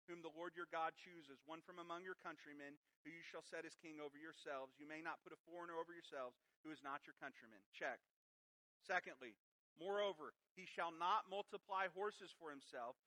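A man's voice: fairly high pitch, bright, forceful tone, rough recording. A man preaching a sermon who reads scripture aloud and then explains it with emphatic rhetorical questions. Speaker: pastor.

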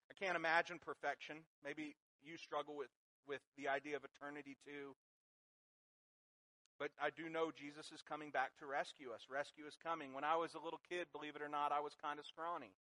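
A man pastor preaching a sermon to his congregation, animated and joking with them along the way. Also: fairly high pitch, fairly quick, rough recording. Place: church sanctuary.

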